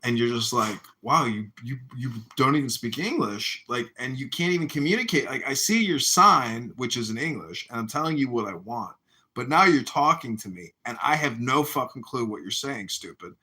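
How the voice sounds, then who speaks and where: A man's voice: mid-range voice, animated, normal speed, sharp tone. A man in casual podcast chat, ranting crudely and laughing through his own jokes.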